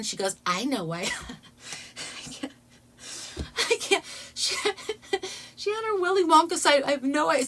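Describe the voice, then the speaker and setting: A woman's voice: medium pitch, fairly bright tone. A woman vlogger telling a funny story to her viewers in a casual way, laughing often and tripping over her words.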